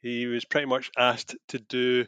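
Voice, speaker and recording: A man's voice: mid-range voice, monotone, moderate pace, fairly bright tone, clean tone, no echo, muffled recording. A man co-hosting a podcast, chatting casually about a film, sharing trivia and laughing often. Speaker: podcast co-host. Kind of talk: casual chat recapping a film.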